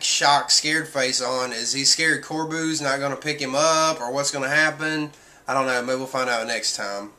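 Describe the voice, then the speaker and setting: Bright-voiced man rambling through a review. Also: medium pitch. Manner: rambling retelling with many fillers, acting out quotes. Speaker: manga reviewer. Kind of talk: casual review commentary.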